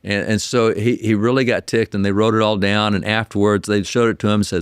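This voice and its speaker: Brief: guest historian, man, lower voice, dry close sound, animated storyteller who restarts phrases. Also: brisk, few pauses, clear, resonant tone, no echo. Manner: animated, repeats words when starting sentences. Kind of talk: interview storytelling.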